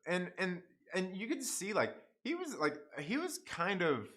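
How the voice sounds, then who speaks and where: A young man hosting a casual livestream review, excitable, repeating himself and swearing often. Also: high-pitched, unhurried. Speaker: YouTube show host reviewing TV episodes.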